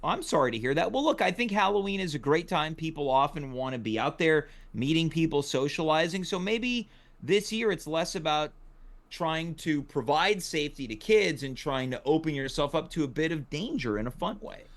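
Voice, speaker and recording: A man's voice: fairly high pitch, expressive, moderate pace. A man hosting a comedy talk show, wry and teasing, with a dry conversational delivery. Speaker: host.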